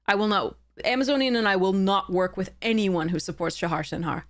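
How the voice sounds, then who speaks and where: A woman's voice: mid-range voice, a little fast. A woman game streamer chatting live with her viewers, earnest and heated, often stopping to apologize.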